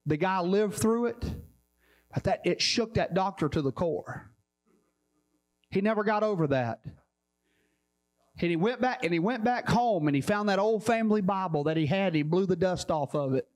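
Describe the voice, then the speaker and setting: A high-voiced man preaches a sermon as a pastor. He tells a story and drives each point home by repeating his phrases. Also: lively intonation, moderate pace, pauses often. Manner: emphatic, repetitive storytelling.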